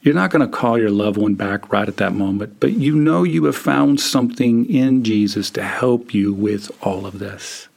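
A man's voice: on the low side, expressive, moderate pace, creaky, hardly any pauses, darkish tone, slightly rough. A man hosting a podcast, telling a vivid second-person story with wry, dry humor. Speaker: podcast host.

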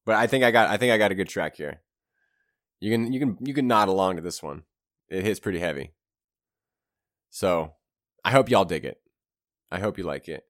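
A man hosting his own podcast, talking casually in a relaxed, rambling way with restarts and soft asides. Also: low voice, moderate pace, pauses often. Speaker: podcast host and rapper.

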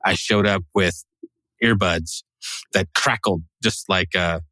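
A man's voice: low voice, fairly even intonation, takes it slowly, pushed and bright, dry recording. A man co-hosting a casual podcast, joking and rambling, laughing often. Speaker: podcast co-host. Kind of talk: casual chat.

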